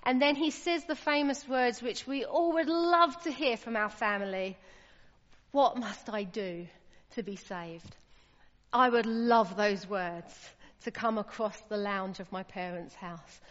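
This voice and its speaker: A woman's voice: on the high side, measured pace, hardly any pauses, fairly bright tone. A woman preaching a sermon, earnest and emphatic, her voice rising when she stresses a point. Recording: lo-fi with long hall reverb.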